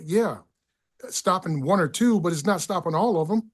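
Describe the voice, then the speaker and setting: A middle-aged man talking as a podcast guest, excitable and profane, often stumbling over his words. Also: a little high, fairly quick. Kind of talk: casual political chat.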